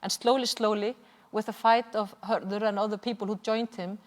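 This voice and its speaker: Icelandic woman activist at a seminar, fervent but halting, mid-pitched, long hall reverb. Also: fairly even intonation. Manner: earnest, impassioned, with frequent hesitations. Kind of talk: seminar presentation with slides. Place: large hall at a cultural venue.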